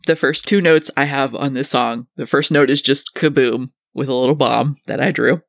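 A co-host in a casual music podcast, relaxed, reading from notes and swearing casually. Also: medium pitch, normal speed, gravelly, no echo, studio quality.

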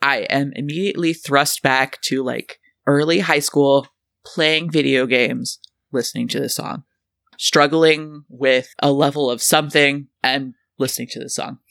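A co-host in a casual music podcast, relaxed, reading from notes and swearing casually. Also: mid-range voice, a little slow, gravelly, no echo, studio quality.

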